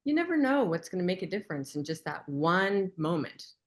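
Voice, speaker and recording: A woman co-presenting a webinar in a casual, lively way, telling personal stories and acting out what people said. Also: lowish voice, fairly quick. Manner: lively storyteller who acts out quoted lines.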